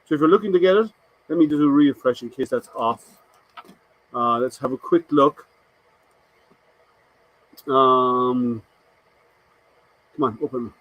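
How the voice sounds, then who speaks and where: A man's voice: mid-range voice, unhurried, pauses often, a bit bright, no room sound, rough recording. A man hosting a casual live stream, chatting to viewers and answering their comments with rambling, hesitant talk.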